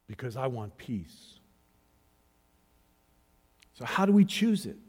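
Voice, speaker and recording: A man preaching a sermon as pastor, swinging between hushed, searching questions and loud, rising calls to the congregation. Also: medium pitch, big pitch swings, slow, slightly rough. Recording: long hall reverb.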